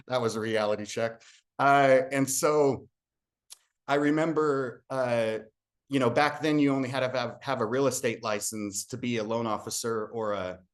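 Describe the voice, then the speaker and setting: An earnest man gives a motivational talk as a guest speaker. He tells a personal story in an open, heartfelt way and voices the dialogue as he goes. His pitch sits in an ordinary middle range.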